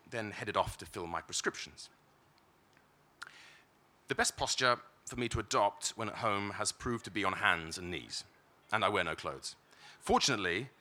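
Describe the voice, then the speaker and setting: Low, bright-voiced British male reader. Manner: wry, measured, first-person narration with occasional stumbles. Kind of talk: reading literary fiction aloud.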